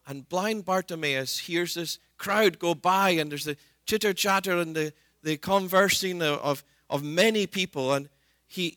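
A man's voice: a little high, sharp tone, no echo. A man preaching a sermon in an earnest way, retelling scripture scenes and voicing the people in them.

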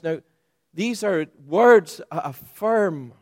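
Male preacher, sermon delivery, slow and emphatic, slightly high voice, dry close sound. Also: no echo. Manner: emphatic, rising for stress and dropping low and soft.

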